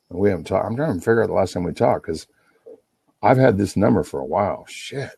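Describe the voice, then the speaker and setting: Middle-aged man, low dark husky voice, rambling and profane, dry sound. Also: dry recording. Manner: rambling, profane, talks over himself. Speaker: livestream host on a phone call. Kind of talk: rambling casual monologue.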